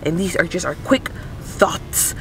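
A man's voice: high voice, measured pace, sharp tone, a little hiss or hum. A man casually reviewing a film from inside his parked car, rambling with many fillers. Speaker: movie review vlogger. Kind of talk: casual chat.

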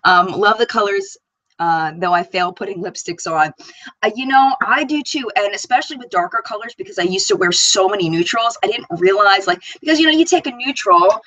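A woman's voice: mid-range voice, lively intonation, fairly quick, fairly bright tone, no echo, low-quality recording. A woman hosting a live makeup chat stream, bubbly and chatty, reading viewer comments aloud. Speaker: beauty channel host.

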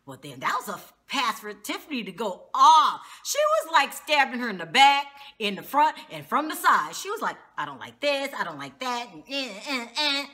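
A woman's voice: high voice, wildly swooping pitch, normal speed, few pauses, pushed and bright. A woman recapping a reality TV episode in a casual vlog, outspoken and slangy, with frequent exclamations. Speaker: TV show reviewer.

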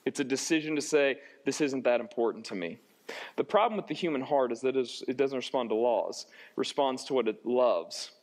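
A man's voice: mid-range voice, brisk, hardly any pauses. A young man, a pastor, preaching a sermon in a casual, joking way that turns earnest. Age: young adult. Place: church sanctuary.

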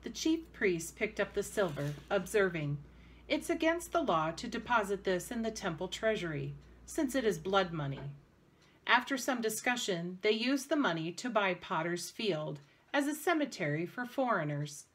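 A woman reading a scripture passage aloud in a measured, even way for a prerecorded church service. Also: mid-range voice, slight background noise. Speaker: scripture reader.

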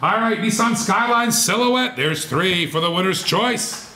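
A man's voice: high-pitched, expressive, unhurried, pushed and bright, roomy sound. A man hosting a live online auction, with playful, rhythmic, repetitive patter. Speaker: auctioneer and channel host.

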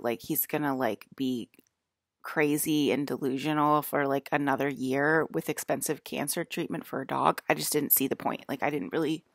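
Woman rambling on camera, lots of "like", gravelly fry in her voice, lowish, dry close sound. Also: fairly even intonation, moderate pace, no room sound. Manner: rambling, fills speech with "like", laughs often. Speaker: vlogger. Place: indoors at a table.

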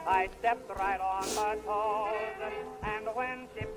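A man singing as an old gramophone record crooner in a video game, heard from a distance over loud music. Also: sits high, fairly even intonation, slow. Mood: crooning. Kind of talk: old-time sung record.

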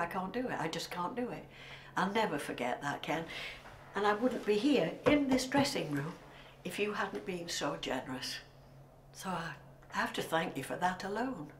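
Older actress, low voice, heartfelt whispery tribute; roomy dressing room, faint hiss. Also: female voice. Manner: emotional, often dropping to a whisper. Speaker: actress giving a recorded tribute.

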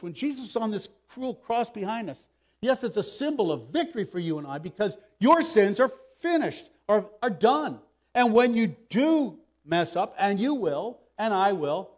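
Pastor guy preaching, kinda high voice, gets loud then drops real quiet. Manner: passionate, swings between loud emphasis and soft asides; acts out quoted speech with raised pitch. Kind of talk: sermon. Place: church sanctuary.

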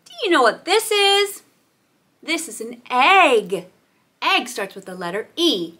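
Bright, sing-song woman teaching toddlers. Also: fairly high pitch, big pitch swings, unhurried. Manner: sing-song, cooing, exaggerated letter sounds. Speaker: children's teacher and host. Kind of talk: toddler learning video.

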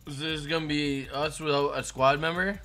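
A man's voice: a little high, steady tone, moderate pace, soft background music. A young man live-streaming a game, chatting casually and hyping up his chat by name. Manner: hyped, shouts out chat names.

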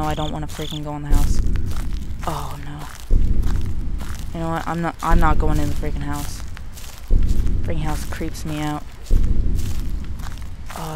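Young gamer for horror let's play, jittery panicky muttering, slow delivery, noisy home recording. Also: medium pitch.

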